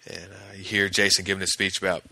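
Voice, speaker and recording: A man with a deep voice that has a forceful edge talks through a TV episode, scene by scene. He quotes the characters in his own voice as he goes. The sound is dry and close. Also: level tone, fast, breathy edge, no echo. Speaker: podcast host recapping a TV episode. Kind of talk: casual episode recap.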